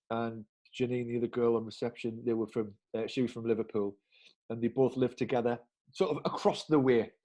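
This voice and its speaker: Northern English man telling a story. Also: mid-range voice. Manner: animated, chuckling anecdote telling with northern slang. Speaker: podcast co-host. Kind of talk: casual storytelling chat.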